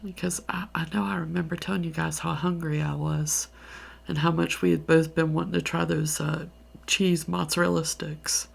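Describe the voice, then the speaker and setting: A deep, heavily gravelly woman's voice with a Southern US accent, drifting in and out of a soft half-whisper. She rambles through her story in a tired ASMR style. The tone is husky and breathy throughout. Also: little pitch movement, normal speed. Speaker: ASMR creator.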